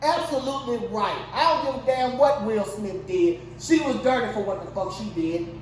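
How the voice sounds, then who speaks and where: A woman hosting her own show in a heated, profane comedic rant, swinging between muttering and yelling in disbelief. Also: on the high side, moderate pace. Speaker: show host. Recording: echoey, distant mic, noisy ambience.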